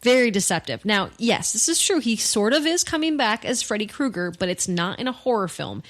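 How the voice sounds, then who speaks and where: A woman's voice: mid-range voice, big pitch swings. A woman co-hosting a podcast in casual chat, teasing her co-host with playful questions. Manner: teasing, quick with jokes.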